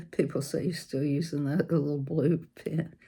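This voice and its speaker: A woman's voice: low voice, fairly even intonation, unhurried, vocal fry, mellow, husky. A woman, hosting a casual craft livestream, hyper and giggly, chatting while she works on a diamond painting. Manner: giggly, sings silly made-up songs, animal noises.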